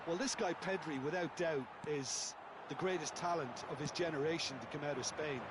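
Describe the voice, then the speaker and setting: A man giving measured, analytical football co-commentary between the main caller's lines. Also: fairly high pitch. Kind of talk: sports commentary from a video game. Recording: loud background noise.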